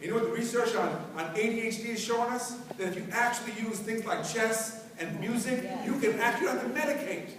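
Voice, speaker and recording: A man's voice: very high-pitched, quick pace, hardly any pauses, noisy background. A man giving a conference talk, telling stories in a conversational way as the audience answers back. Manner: conversational, call-and-response rhythm with the crowd. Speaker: keynote speaker. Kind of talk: conference speech with storytelling. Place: large conference hall. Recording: echoey hall from far off with crowd.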